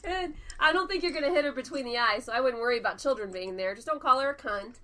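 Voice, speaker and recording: A woman with a high, bright voice. She talks bluntly and jokingly, with plenty of profanity. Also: quick pace. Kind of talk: casual chat.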